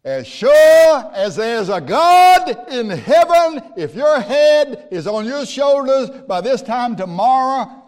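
A preacher putting on a shrill furious queen. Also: sing-song, slow pace, darkish tone, heavily acted. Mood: menacing. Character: furious threatening queen, older woman. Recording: long hall reverb.

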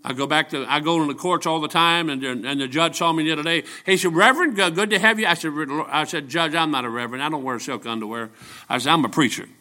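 A man's voice: a little high, fast talker, pushed and bright. A man of seventy preaching a folksy, joking sermon full of personal stories. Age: 70s. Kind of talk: storytelling sermon.

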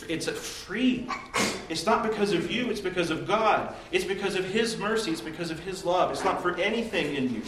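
A man preaching a devotional with an earnest, emphatic delivery and a slightly raised voice. He is picked up from some distance in an echoey room, with a faint hum of ambience behind him. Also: on the high side. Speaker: pastor. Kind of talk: devotional sermon.

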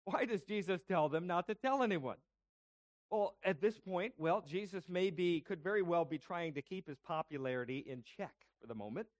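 Male pastor, sermon delivery, high pitch, explanatory and questioning, dry recording. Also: animated, normal speed, dry recording. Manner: explanatory, asks rhetorical questions.

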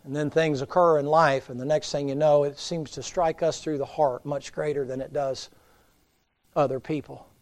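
A man preaching a folksy revival sermon in a church, his voice sitting a little high. He sinks to near whispers on somber points and then rises sharply to loud emphasis. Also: steady tone, normal speed. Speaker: pastor.

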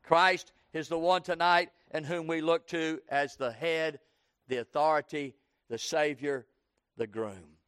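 A man's voice: fairly even intonation, measured pace, a bit bright, smooth, no room sound, studio quality. A man preaching an evening sermon, repeating lines in rhythm and calling for "Amen" from the congregation. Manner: call-and-response preaching, asks the congregation "Amen?"; rhythmic repetition, rising to a fervent pitch.

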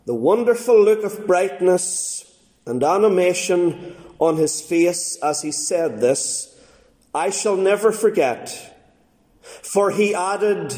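A man preaching a sermon, reading a story aloud slowly and deliberately with dramatic pauses. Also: high-pitched, warm tone. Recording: echoey room.

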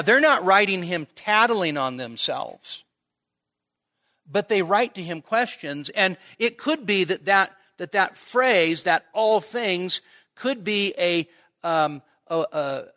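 Man, pastor, expository sermon, slow unhurried delivery, conversational, playful sarcasm. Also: sits high, sharp tone. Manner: conversational, asks the audience "right?" and "okay?" often; acts out imagined dialogue with playful sarcasm.

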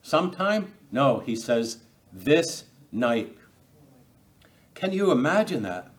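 A man's voice: medium pitch, big pitch swings, slow. Guy pastor preaching, chatty, asks questions, keeps repeating words, acts out the quotes. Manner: conversational preaching with rhetorical questions and acted quotes; repeats words and restarts phrases. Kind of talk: expository sermon.

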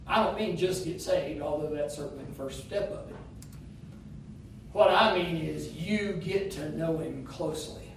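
A man's voice: on the high side, measured pace, gravelly, slight background noise. A man preaching a sermon, his delivery emphatic, with rising phrases that slip into half-singing. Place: church sanctuary. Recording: distant mic in an echoey room.

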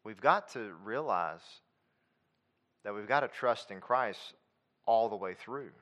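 A man preaching a sermon with emphatic, repetitive phrasing, dropping into quiet conversational asides. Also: lowish voice, slow pace.

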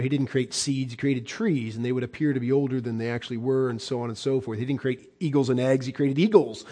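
With a mid-range voice, a man pastoring a congregation delivers an emphatic sermon full of repetition and rhetorical questions, moving back and forth between quiet and loud.

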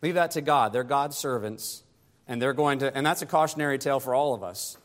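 A pastor preaching a sermon, climbing higher and louder to press his points and dropping soft and low to close them. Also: a little fast, in a large hall.

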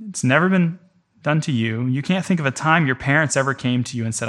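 In an animated, fairly quick delivery, his mid-range voice has a fairly bright tone. Before a congregation, he teaches conversationally, speaking to the people in the room and telling a vivid everyday story using "you."

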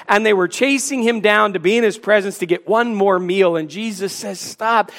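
A man preaching a sermon, earnest and pleading, acting out questions and answers between Jesus and a disciple. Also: high voice.

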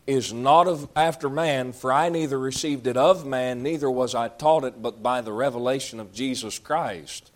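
A man's voice: mid-range voice, normal speed, few pauses. A man preaching a sermon, reading scripture aloud and explaining it in folksy, conversational asides.

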